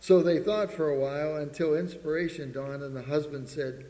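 A man's voice: on the high side, steady tone, normal speed, few pauses, dark tone. A man preaching a sermon to a church congregation, calling out for amens and quoting King James scripture. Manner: calls for amens and quotes scripture in old King James wording. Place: church sanctuary. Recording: echoey church hall reverb.

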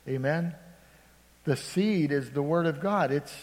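A man preaching a sermon as pastor, calling out "Amen?" to the congregation and swinging between loud emphasis and hushed storytelling. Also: a little high, a little slow. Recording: long hall reverb.

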